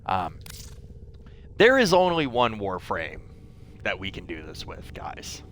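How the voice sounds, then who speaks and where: A young man talking into a desk mic while streaming a game, rambling and swearing freely. His voice sounds bright and sharp with a scratchy throat, and a faint noise floor sits under him. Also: deep voice, wildly swooping pitch, slow. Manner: rambling, swears freely, self-mocking asides. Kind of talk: casual live-stream commentary.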